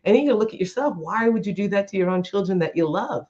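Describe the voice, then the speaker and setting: A woman's voice: mid-range voice, expressive, quick pace, darkish tone. A woman co-hosting a motivational talk show, emphatic and preachy, addressing the listeners directly. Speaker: co-host, workshop leader. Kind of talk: casual motivational chat. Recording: slightly dull lo-fi sound.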